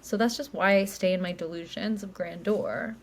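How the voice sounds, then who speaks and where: A woman's voice: on the low side, moderate pace, a little hiss or hum. A woman in her late twenties, co-hosting a podcast and telling a story in a rambling, chatty way full of likes and ums. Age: late 20s. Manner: chatty, self-described yapper, lots of likes and ums. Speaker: podcast co-host. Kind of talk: casual chat, storytelling.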